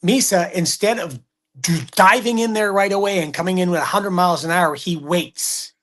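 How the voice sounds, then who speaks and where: A man's voice: high voice, moderate pace. A middle-aged man, a hockey broadcaster telling stories in casual sports chat and acting out the quotes. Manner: animated storyteller, acts out quotes.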